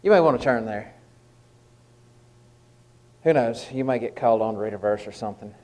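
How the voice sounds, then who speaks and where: This lay preacher's informal evening devotional moves fairly quickly, his mid-range voice a little mellow, though he keeps stopping with fillers and restarts. The audio quality is poor.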